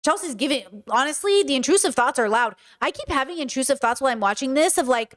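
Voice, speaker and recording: A woman's voice: high voice, big pitch swings, fast, hardly any pauses, a bit bright. A young woman hosting a reaction stream, ranting and exasperated, swearing as she comments on a video.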